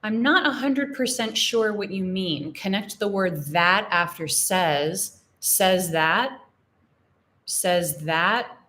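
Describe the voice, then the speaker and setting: A young American woman teaching English in a live Q&A, explaining phrases slowly and repeating examples. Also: medium pitch, expressive, bright, forceful tone. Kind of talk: live-stream Q&A lesson.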